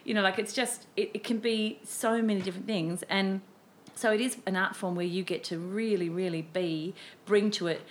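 A woman, a cabaret performer, chatting as a guest and telling animated stories about her career. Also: medium pitch, normal speed, hardly any pauses, a little hiss or hum. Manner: animated, storytelling, acts out her past self. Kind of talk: casual chat.

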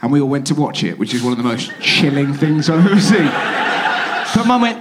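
Man, comedian, sweary anecdotes, high voice, noisy live recording. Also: sing-song, fairly quick. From Somerset, England. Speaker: comedian guest. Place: theatre stage before a live audience.

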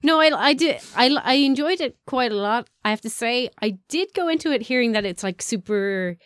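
A woman's voice: fairly high pitch, lively intonation, moderate pace, a bit bright, clean tone, no echo. Woman cohost chatting movies, giggly, trips over words, dead dry sound. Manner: laughs often, hesitant restarts. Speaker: podcast co-host. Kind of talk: casual film chat.

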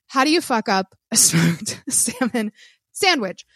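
A woman co-hosting a podcast, telling a story in animated casual chat, cursing freely and acting out what people said. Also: sits high, a little slow, no echo, studio quality. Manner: animated storyteller who swears and acts out quotes. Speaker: podcast co-host.

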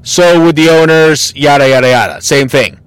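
A man's voice: on the high side, moderate pace, smooth, no room sound. A man hosting a casual solo podcast, ranting bluntly and mockingly with plenty of swearing. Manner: mocking and exasperated. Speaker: podcast host.

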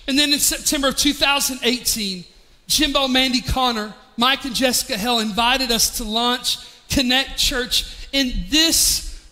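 Pastor in his 40s, high bright voice, choked up and heartfelt, big echoey church hall. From East Tennessee, US. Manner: emotional, heartfelt, with frequent restarts. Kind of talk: sermon.

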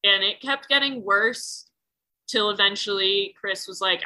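A woman's voice: mid-range voice, a little slow, bright, forceful tone, poor audio. A woman telling a personal story in casual chat, rambling with lots of fillers and frequent swearing. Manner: rambling, heavy use of "like", swears freely.

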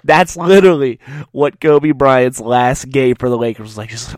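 A man's voice: medium pitch, expressive, normal speed, no echo. Sarcastic young man ranting, dry sound. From Louisiana. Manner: sarcastic, mocking, riled up. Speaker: podcast host. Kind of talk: solo sports podcast rant.

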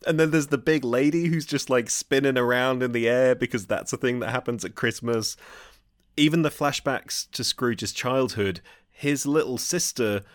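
A man's voice: mid-range voice, moderate pace, no echo. Wry man on a dry podcast mic. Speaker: podcast co-host. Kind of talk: casual film podcast chat.

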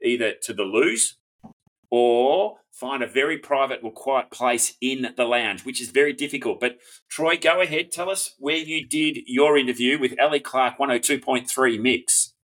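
A man's voice: mid-range voice, moderate pace, fairly bright tone. A male host in casual interview chat, framing questions with repeated words.

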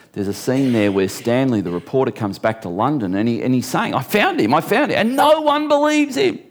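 A middle-aged male pastor delivers a sermon in an easy, conversational voice. He leans on repetition to drive points home and slips in dry, self-mocking jokes. His pitch sits right in the everyday middle for a man. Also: a little mellow. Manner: conversational preaching with wry humor and repeated phrases.

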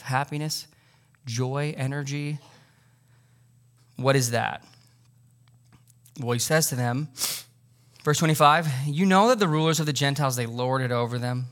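A male pastor preaching a sermon in a loose, conversational way, joking with the congregation and pressing his points with emphasis. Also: mid-range voice.

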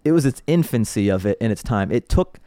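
A male comedian guest on a podcast, telling stories in an animated, casual way and laughing often between phrases. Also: on the low side, fairly quick, no room sound, clean studio sound.

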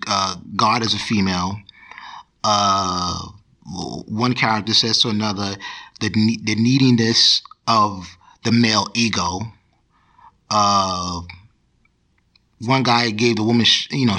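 A man's voice: medium pitch, bright, forceful tone. A man hosting a podcast, ranting in casual, profane commentary, with many repeats and restarts. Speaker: podcast host.

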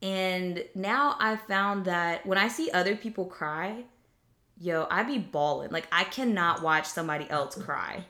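A woman's voice: lowish voice, a little slow, bright, forceful tone. A young woman talking casually and reflectively about faith, with many fillers and restarts.

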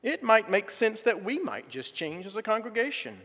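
A middle-aged man with a drawl gives a church testimony in a folksy, gently humorous way. His voice rides a bit high and moves through a wide, animated pitch range. The long reverb of a church sanctuary trails behind his words. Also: moderate pace. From southern United States. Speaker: church member giving a testimony.

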